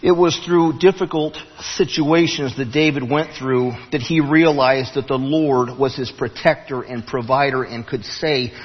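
A man preaching to his congregation in a husky voice, telling a story with restarts that climb to emphatic peaks. The sound carries a long church-hall reverb, and the recording is dull and muffled. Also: mid-range voice, fairly even intonation, unhurried, few pauses. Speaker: pastor. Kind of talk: sermon. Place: church sanctuary.

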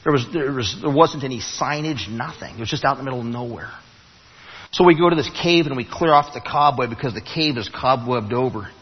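A man preaching a sermon in a church, telling a story with halting restarts and rising emphasis. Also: mid-range voice, slightly rough. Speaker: pastor. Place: church sanctuary. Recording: muffled, long hall reverb.

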